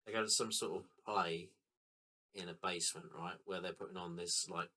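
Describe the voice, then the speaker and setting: A man's voice: sits low, steady tone, moderate pace, bright, forceful tone. A man co-hosting a casual film podcast, easygoing and thinking aloud as he tries to recall scenes. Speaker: podcast co-host. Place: recording room.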